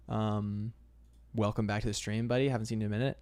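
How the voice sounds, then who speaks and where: A man's voice: lowish voice, level tone, a little mellow, clean tone. A young man casually chatting on a livestream, reading out comments and rambling with lots of fillers. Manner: laid-back and rambling, drawn-out fillers, calls chat "man". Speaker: illustrator streaming live.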